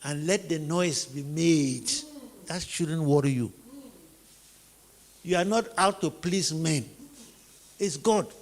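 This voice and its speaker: Nigerian man, sermon-style teacher, rough husky voice, fairly high, booming reverb of a big hall. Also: slow, pauses often. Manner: rhetorical questions, emphatic repeated phrases. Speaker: teacher preaching on family life.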